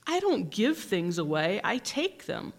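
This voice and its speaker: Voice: big pitch swings, unhurried. A reader playing a greedy, demanding king. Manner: loud, high, strained outbursts.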